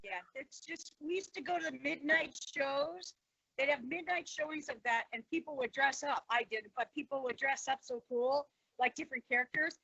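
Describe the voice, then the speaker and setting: A woman in her sixties, a guest in a casual interview, who tells stories with animated delivery and acts out the voices of the people in them. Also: high-pitched, normal speed, gravelly, no echo, lo-fi sound. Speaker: guest, former wrestler and actress.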